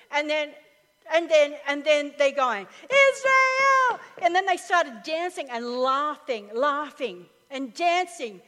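High-voiced woman pastor preaching live. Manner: animated storytelling, laughs often. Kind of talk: sermon. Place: church hall with live audience. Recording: reverberant live hall recording.

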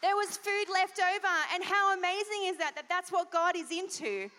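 A woman pastor giving an animated children's sermon, asking the kids questions. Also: extremely high pitch, moderate pace. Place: church hall. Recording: long church hall reverb.

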